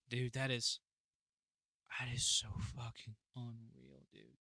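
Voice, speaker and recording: A man from the United States hosting a casual reaction video, excitable and profane, laughing often. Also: medium pitch, takes it slowly, no room sound, clean studio sound. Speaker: reaction channel host.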